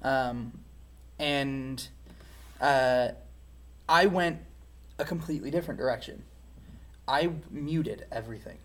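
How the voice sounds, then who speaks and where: A man's voice: medium pitch, takes it slowly, fairly bright tone. A man speaking as an interview guest, giving a candid personal testimony in a reflective, frank way.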